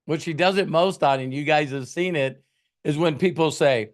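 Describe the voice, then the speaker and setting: This motivational coach hosts a relaxed talk in a slightly high voice at normal speed. He wanders conversationally through his points and plays out small scenes.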